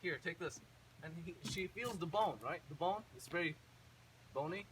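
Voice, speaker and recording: A man's voice: high-pitched, normal speed. A man casually retelling a fairy tale, rambling with self-corrections and joking asides. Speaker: storyteller. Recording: distant mic with faint ambient noise.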